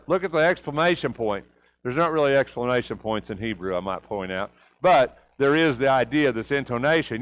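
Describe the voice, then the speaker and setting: A man's voice: mid-range voice, very animated, normal speed, a bit bright, poor audio. A man teaching a church Bible class, asking rhetorical questions and often checking in with "right?".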